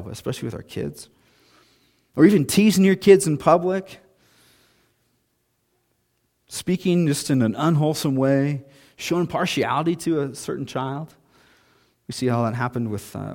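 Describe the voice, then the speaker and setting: A man in his thirties preaching a sermon in a relaxed, conversational way, with self-deprecating asides. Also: medium pitch. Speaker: pastor.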